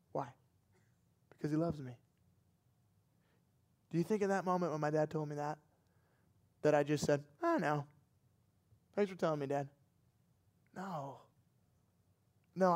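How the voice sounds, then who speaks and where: A young man, a pastor, telling a personal story in a lively, dramatic sermon. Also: on the high side.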